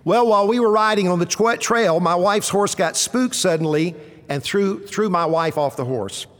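A male pastor preaching a sermon, telling stories with dramatic pauses and dropping low and quiet for punchlines. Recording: long reverb of a large hall.

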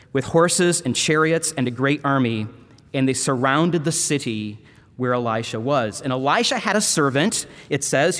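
A seminary professor preaches to a congregation, retelling a Bible story with dramatic, storytelling flair. His voice sits rather high for a man. The sound carries a long, ringing reverb from the church. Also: a bit bright. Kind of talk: sermon.

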